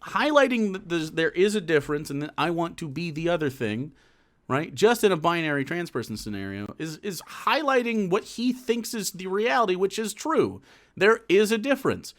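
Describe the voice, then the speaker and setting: A man's voice: high-pitched, big pitch swings, normal speed, fairly bright tone. A man streaming political commentary, talking casually with rambling restarts, fillers and swearing. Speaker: streamer reacting to a clip.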